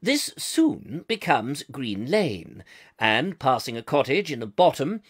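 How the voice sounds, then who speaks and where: A man putting on a posh, old-fashioned English received pronunciation accent, playing a vintage BBC announcer who reads walking directions in a slow, measured, declaiming way. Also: medium pitch, very animated, slightly rough, full character voice. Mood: stately. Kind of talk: mock vintage radio narration.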